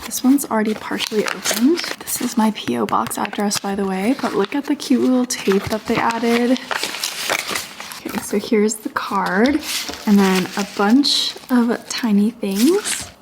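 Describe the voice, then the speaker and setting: A young woman artist vlogging as she opens fan mail, gushing and breaking into high excited exclamations. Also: a little slow, background noise. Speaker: small business artist and vlogger. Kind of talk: casual vlog voice-over, opening fan mail.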